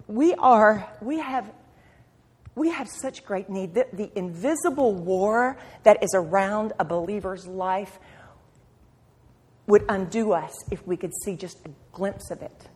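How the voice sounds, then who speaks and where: A woman's voice: fairly high pitch, measured pace, slightly rough. Impassioned woman preacher in a reverberant hall. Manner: impassioned, swinging from soft to loud; repeats phrases for emphasis. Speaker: preacher at a women's meeting. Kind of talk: sermon.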